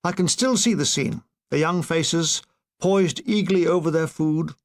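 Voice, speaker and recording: Older man, memoir narration, dry comic delivery, high-pitched voice. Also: a little slow. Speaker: author narrating his own war memoir. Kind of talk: audiobook narration.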